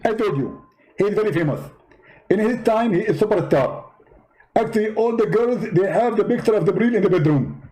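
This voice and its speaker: A man doing a high-pitched smug preacher. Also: lively intonation, warm tone, rough recording. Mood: pompous. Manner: haughty, scolding, quick to insult. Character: smug, pompous male preacher debating. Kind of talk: parody debate skit.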